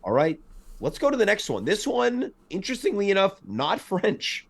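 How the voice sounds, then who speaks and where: Guy ribbing his co-host, kinda high voice, lots of ups and downs. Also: huge pitch swings, moderate pace, creaky. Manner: teasing, joking. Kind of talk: casual chat. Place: home.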